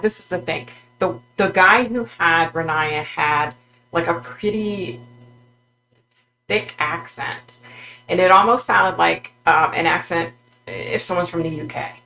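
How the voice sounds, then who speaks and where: A woman vlogger recounting a psychic vision in a halting way, with many fillers and restarts. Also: on the low side, gravelly, sharp tone, low-quality recording.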